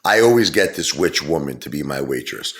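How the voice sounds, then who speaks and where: A man's voice: very deep voice, lively intonation, a little fast, fairly bright tone. A middle-aged man telling a rambling, casual story full of fillers and asides. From Brooklyn, New York. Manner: rambling, digressive, many fillers. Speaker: vlogger.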